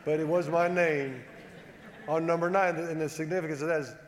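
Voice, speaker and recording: A man telling a humorous, self-deprecating story to a live audience, animated and acting out the dialogue. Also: on the high side, brisk. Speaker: former football player giving a talk. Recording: echoey hall with long reverb.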